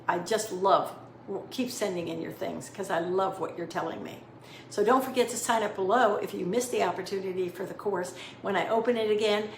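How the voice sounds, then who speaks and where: A middle-aged woman hosting a caregiving advice talk, upbeat, earnest and encouraging. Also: medium pitch. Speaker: host. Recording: echoey room with faint noise.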